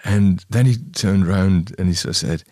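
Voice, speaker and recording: A man with a deep, low voice tells an animated anecdote in an interview, slipping into quick impressions. The recording is dry and close, with no room sound. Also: dry recording. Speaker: band member. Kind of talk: storytelling interview.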